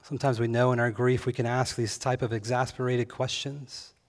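A man preaching a sermon, expressive, moving between hushed reflection and fervent emphasis. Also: mid-range voice, a little fast. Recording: long hall reverb.

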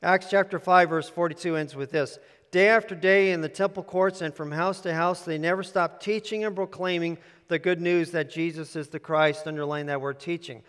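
A man's voice: a little high, steady tone, moderate pace, fairly bright tone, clear, resonant tone. A man preaching a sermon with handouts, emphatic and repetitive, telling listeners to underline words. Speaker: pastor. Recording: long hall reverb.

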